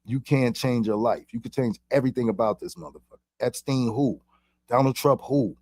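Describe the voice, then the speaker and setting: A man's voice: medium pitch, a little fast, a little mellow, no room sound, studio quality. A man giving a rambling, profane spiritual monologue in casual street slang. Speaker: vlogger.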